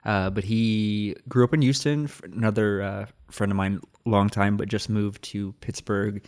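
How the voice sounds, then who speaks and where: A man from Texas with a fairly low voice hosts a laid-back podcast conversation. He talks loosely, swears casually and laughs easily. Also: fairly even intonation, moderate pace, darkish tone, clean tone. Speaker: podcast host. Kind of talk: casual chat.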